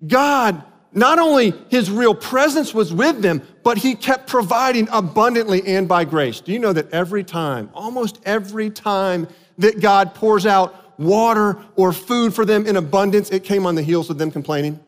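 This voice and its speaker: A high-voiced pastor preaches an animated sermon at a moderate pace with few pauses, often slipping into the voices of the people he quotes. His words echo with a long reverb tail, as if in a large sanctuary.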